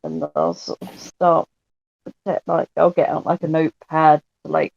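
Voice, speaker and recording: A man's voice: on the high side, little pitch movement, measured pace, vocal fry, lo-fi sound. A man playing a tabletop game, talking in a chatty, rambling way. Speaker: player. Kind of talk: casual tabletop play.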